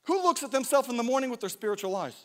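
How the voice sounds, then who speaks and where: Animated preacher man in echoing hall. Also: very high voice, racing. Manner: animated, jokey, self-interrupting. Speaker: pastor. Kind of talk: sermon with storytelling. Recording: long hall reverb.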